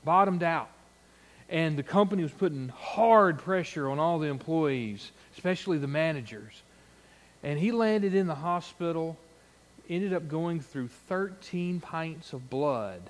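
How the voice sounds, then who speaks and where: This middle-aged preacher's voice sits on the high side and moves a little slowly. His sermon runs on funny, homespun stories, and he dramatizes the quotes within them.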